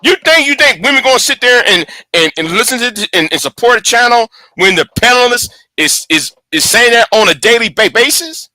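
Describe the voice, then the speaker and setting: A man's voice: very high voice, expressive, brisk, hardly any pauses, pushed and bright, no echo. A man hosting his channel in a casual, profane, angry rant, stumbling and repeating words. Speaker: channel host.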